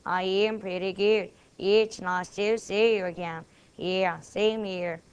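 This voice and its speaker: A woman's voice: medium pitch, steady tone, clear, resonant tone. A woman with a Korean accent, reciting memorized English dialogues and speaking both parts of each exchange. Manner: plays both sides of each dialogue, deliberate and careful. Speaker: student presenter.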